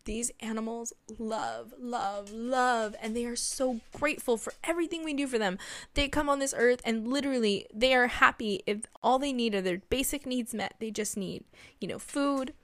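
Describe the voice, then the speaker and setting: A woman's voice: a little high, brisk, a bit bright. A woman giving a spiritual monologue as a psychic medium, earnest and emotional, rambling with many restarts.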